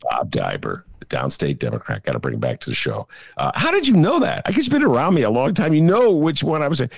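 A man's voice: mid-range voice, wildly swooping pitch, quick pace, vocal fry, slightly rough, dry recording. A man from Chicago hosting a podcast, talking in a rambling, opinionated way with lots of fillers. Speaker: podcast host. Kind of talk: casual political chat.

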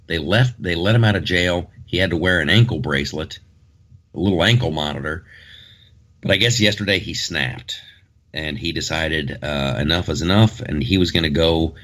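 A man's voice: low voice, normal speed, fairly bright tone. A man hosting a podcast in casual chat, rambling and joking as he talks through the news. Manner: rambling, joking, many restarts. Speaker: podcast host.

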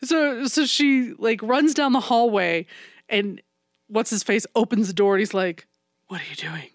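A woman with a fairly high voice chats casually, retelling a plot with animated swings and plenty of swearing. She acts out what characters say in quick bursts. The sound is dry and close. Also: no room sound. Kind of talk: casual chat.

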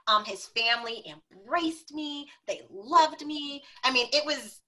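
A woman guest telling stories in a casual interview, animated and acting out the voices she quotes. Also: high-pitched, a little slow, poor audio.

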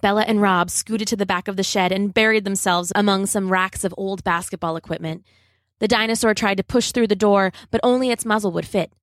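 A woman reading a children's adventure story aloud, steady and dramatic. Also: mid-range voice, brisk, dry recording, studio quality.

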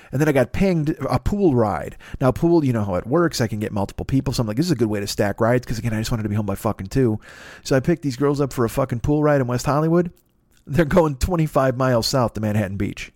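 A middle-aged man rambles through a long story with plenty of swearing, the voice of a casual podcast host. His pitch sits in the middle of the range. The recording is dry and close, with no room around it. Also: no room sound. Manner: profane, rambling, animated storyteller.

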